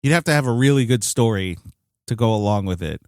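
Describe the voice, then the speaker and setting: A man's voice: on the low side, expressive, fast, darkish tone, no echo, studio quality. A man co-hosting a podcast in casual chat, rambling and hedging a lot, with some swearing. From United States. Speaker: podcast co-host.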